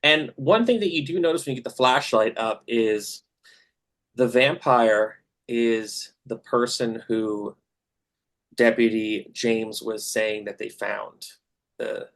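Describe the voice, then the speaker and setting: A man's voice: medium pitch, slow, fairly bright tone. A man running a tabletop game as game master, narrating scenes with many fillers and hesitations.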